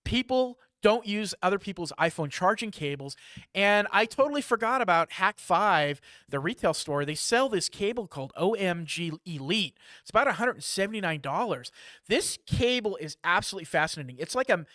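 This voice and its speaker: A man hosting a live security news briefing, talking in a lively, chatty way with asides and jokes. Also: high voice, normal speed, no room sound, clean studio sound.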